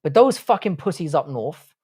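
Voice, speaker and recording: A man's voice: on the high side, very animated, normal speed, a little mellow, breathy edge. Blunt British-accented man reading chat. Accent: British English. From Ireland, raised in England. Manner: crude, blunt, jokey banter with chat. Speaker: university professor. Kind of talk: casual live-stream chat.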